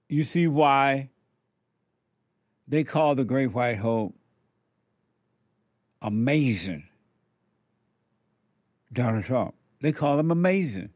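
A man's voice: medium pitch, lively intonation, takes it slowly, long pauses, darkish tone, dry recording, studio quality. A man giving commentary, drawing out words with sermon-like emphasis. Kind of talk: slow, preachy commentary.

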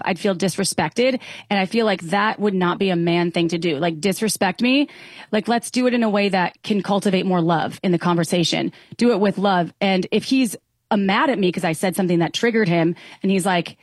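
A woman's voice: on the low side, fairly quick, no room sound, studio quality. A woman guest on a talk show speaking earnestly and reflectively about relationships, often restarting her sentences. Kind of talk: casual talk show conversation.

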